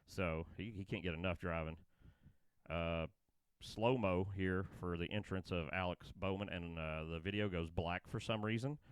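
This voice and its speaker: Excitable rambling man. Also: low voice, moderate pace, clean tone, no echo. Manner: rambling, laughing, excitable storytelling. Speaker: podcast co-host. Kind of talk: casual chat.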